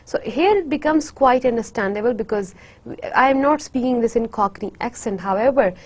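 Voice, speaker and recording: A woman's voice: fairly high pitch, animated, moderate pace. A woman giving a university literature lecture, hesitant with many fillers, repeating words to demonstrate their sounds.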